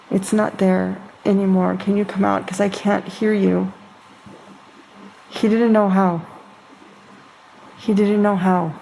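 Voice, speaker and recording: A woman medium speaking gently and slowly to a spirit, coaxing it to let go. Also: medium pitch, vocal fry, slight background noise, low-quality recording. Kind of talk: speaking to a spirit during a house clearing.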